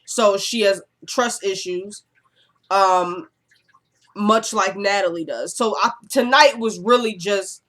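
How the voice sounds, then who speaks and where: A woman's voice: mid-range voice, slow pace, a bit bright. A young woman with a cold chatting casually through a TV episode recap, acting out the characters' lines. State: stuffy with a cold, coughing.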